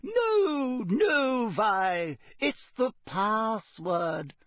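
A man voicing a fussy, plump female talking portrait in a high, sing-song, gossipy voice. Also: very animated, very slow, dry recording, clean studio sound, heavily acted. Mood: soothing.

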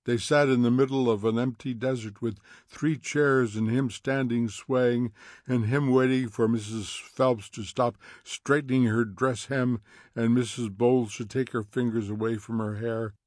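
A man's voice: mid-range voice, fairly even intonation, measured pace, darkish tone, no room sound. Man narrating in a dry studio. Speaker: audiobook narrator. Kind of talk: scripted narration.

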